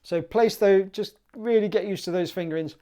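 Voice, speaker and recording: A woman's voice: medium pitch, moderate pace, mellow. A woman teaching clarinet for a music exam, upbeat and chatty, singing rhythms aloud.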